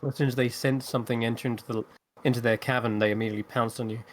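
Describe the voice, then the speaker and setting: A man narrating as game master of an online tabletop game, in a relaxed, chatty way with many fillers. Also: mid-range voice, rapid-fire, slight background noise. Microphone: home microphone on an online call.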